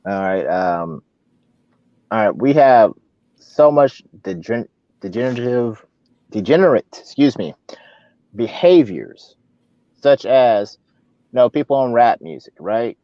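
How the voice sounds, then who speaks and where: Guy on a live show going off on a rant, mid pitched, kinda muffled sound. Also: unhurried, pauses often, dry recording. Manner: rambling, repeats and restarts, animated ranting. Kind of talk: casual opinion commentary.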